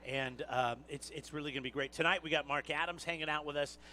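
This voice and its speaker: A man hosting a live radio wine segment with upbeat, quick promotional patter. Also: on the high side, steady tone, sharp tone, a little hiss or hum. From Washington State. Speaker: radio host. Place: outdoor live broadcast at a market square.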